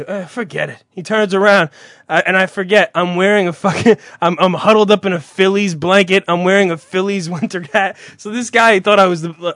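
A man's voice: high-pitched, fairly bright tone, dry recording, studio quality. Rambling, swearing young man telling stories. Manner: rambling storyteller, swears freely, acts out voices. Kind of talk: casual chat.

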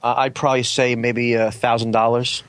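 A man's voice: medium pitch, level tone, normal speed, smooth, no echo. A man co-hosting a casual chat, answering in short, blunt remarks. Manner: laconic, blunt.

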